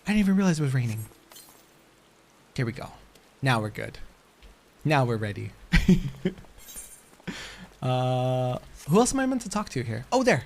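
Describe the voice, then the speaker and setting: A man chatting casually on a live stream while gaming, excitable and quick to laugh. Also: medium pitch, gravelly.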